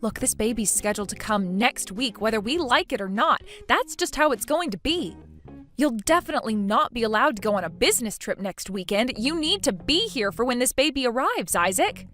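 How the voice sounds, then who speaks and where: A woman voices a pregnant young wife, polite and hesitant with small stammers. Her fairly high voice moves in a lively way. A text message story reading over faint music. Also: brisk. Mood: firm.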